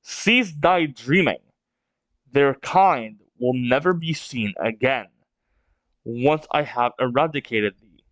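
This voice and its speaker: A man's voice: medium pitch, no room sound. A man reading as a cold, imperious ancient ruler. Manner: haughty, archaic formal speech.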